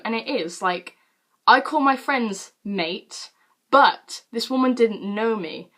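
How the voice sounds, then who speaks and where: A British woman in her late teens telling a story to camera in a casual, animated way, with lots of fillers and casual swearing. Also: on the high side, slow pace. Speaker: vlogger.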